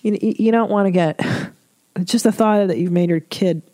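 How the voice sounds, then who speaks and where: A woman's voice: mid-range voice, normal speed, mellow, no echo. Candid swearing woman podcast host, dry. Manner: candid, swears freely, emotional; reads listener letters aloud. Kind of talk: casual advice podcast monologue.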